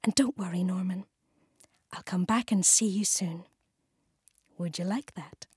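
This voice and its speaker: A woman voicing an eager young boy who is earnest, excitable and a bit pleading. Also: lowish voice, a little slow, husky, no echo, clean studio sound. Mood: sulky. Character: eager young boy who loves his pet frog.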